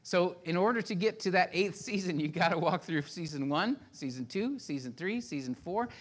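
A man's voice: high voice, lively intonation, normal speed. A man in his fifties, a pastor giving a sermon in a casual, self-deprecating storytelling way.

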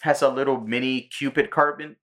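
A man co-hosting a podcast in casual, profane chat, retelling cartoon episodes and breaking into squeaky impressions. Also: fairly even intonation, a little fast, fairly bright tone. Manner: profane, retells cartoon scenes with jumpy high-pitched impressions. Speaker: podcast co-host.

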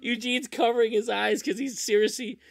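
A man's voice: very high-pitched, steady tone, normal speed, gravelly, no room sound, studio quality. A man hosting a casual podcast, talking enthusiastically about movies with many restarts. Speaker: podcast host.

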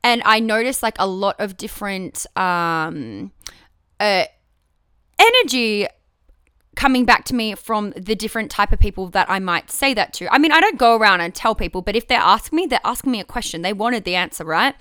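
Bright, clear-voiced woman talking frankly. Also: medium pitch, expressive, normal speed, no echo, studio quality. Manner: candid, frank and swearing, with many restarts. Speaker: podcast host. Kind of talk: casual solo podcast talk.

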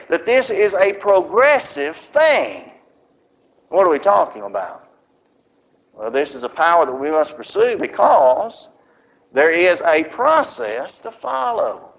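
A male preacher with a fairly high voice, delivering a sermon in a folksy storytelling way and acting out small scenes as he goes. The recording is dull and muffled.

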